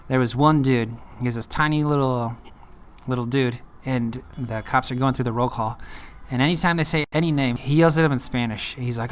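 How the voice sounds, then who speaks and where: A man's voice: mid-range voice, fairly even intonation, a little fast. A man casually telling his own story on a vlog, rambling and laid-back, full of filler words.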